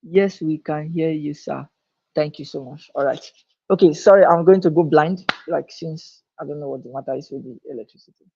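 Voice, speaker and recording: Male teacher, husky voice, emphatic and repetitive, dull-sounding live-stream recording. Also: a little high, steady tone, fairly quick, a little mellow. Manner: emphatic, repeats key phrases. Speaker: online teacher. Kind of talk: live online lecture. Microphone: own microphone, recorded on camera.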